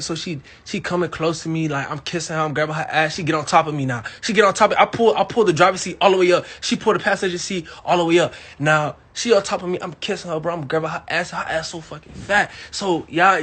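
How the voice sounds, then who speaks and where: A young man from Miami telling a crude story to his live audience, animated and swinging between loud bursts and hushed asides. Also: fairly high pitch, brisk, hardly any pauses, husky. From Miami, Florida. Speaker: livestream host.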